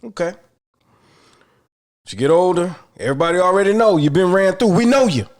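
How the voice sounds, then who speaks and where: A man's voice: sits high, lively intonation, fairly quick. Blunt, argumentative man on a podcast. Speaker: podcast co-host. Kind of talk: casual chat.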